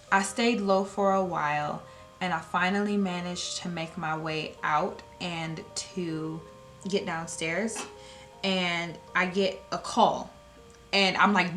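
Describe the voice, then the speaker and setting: A woman's voice: lowish voice, a bit bright. A young woman vlogger animatedly telling a spooky storytime in a chatty, casual way. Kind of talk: storytime vlog.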